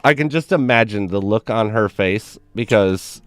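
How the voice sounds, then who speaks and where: Guy streaming, low voice, smooth, going on and on with 'like' every few words. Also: normal speed, dry recording. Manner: rambling, peppered with 'like'. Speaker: stream host. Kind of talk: casual storytelling on a livestream.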